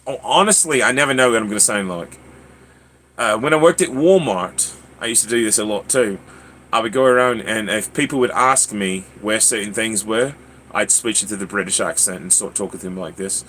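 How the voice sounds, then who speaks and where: A man's voice: lowish voice, a little fast, a bit bright, slight background noise. An American man hosting a livestream, telling stories in a rambling, laid-back way with many fillers. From United States. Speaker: livestream host. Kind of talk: casual chat.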